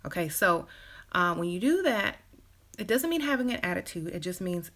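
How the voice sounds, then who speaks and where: A woman's voice: on the low side, sing-song, moderate pace, fairly bright tone. A woman hosting a relationship advice live stream, chatting casually with many fillers and acting out quoted lines. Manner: chatty, acts out quoted dialogue in other voices; frequent "you know" fillers and brief laughs. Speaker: relationship advice channel host.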